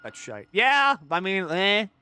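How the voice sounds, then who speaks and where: A male streamer chatting casually while playing a game, rambling and excitable, swearing freely. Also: sits high, slow, smooth, soft background music. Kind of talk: casual gaming-stream chat.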